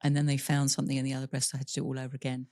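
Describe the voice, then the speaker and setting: A woman's voice: rumbling low, monotone, racing, warm tone, dry recording, clean studio sound. A woman guest on a podcast interview telling a personal story candidly, laughing through painful memories and acting out quoted dialogue. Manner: voices other people in quoted dialogue.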